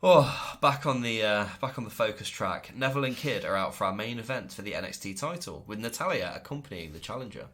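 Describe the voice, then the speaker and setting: A man's voice: lowish voice, lively intonation, fast talker, hardly any pauses, fairly bright tone. A man co-hosting a podcast, recapping in casual chat, enthusiastic and laughing often. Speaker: podcast co-host.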